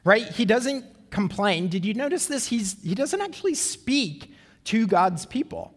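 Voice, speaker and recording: A man preaching a sermon in an earnest way, asking rhetorical questions and slowing down for emphasis. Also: high-pitched, big pitch swings, in a large hall. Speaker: pastor.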